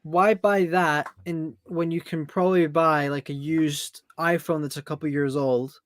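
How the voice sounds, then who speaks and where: High-voiced man joking about phones. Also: fairly even intonation, no room sound. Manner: opinionated, joking, quick asides. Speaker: guest. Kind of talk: casual tech chat.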